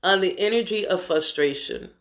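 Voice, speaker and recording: A woman spiritual teacher speaks to her listeners on a live stream at a middling pitch. Her talk is gentle and heartfelt. She calls them brothers and sisters of the light and stretches key words slowly.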